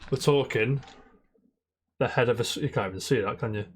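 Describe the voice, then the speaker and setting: During a casual podcast chat, a co-host with a husky mid-range voice talks briskly through a long, rambling story. He swears constantly throughout.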